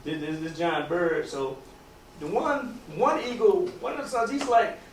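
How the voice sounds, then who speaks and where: A man's voice: high voice, measured pace. A man casually telling a long story aloud, rambling with many restarts and loose grammar. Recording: roomy, distant, faint background noise.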